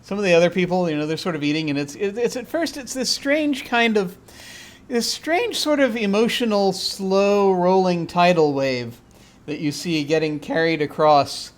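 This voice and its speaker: A man with a fairly high voice runs a tabletop role-playing session as game master. He describes the scene haltingly, rambling and filling pauses as he goes. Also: lively intonation. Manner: halting, rambling, with many fillers.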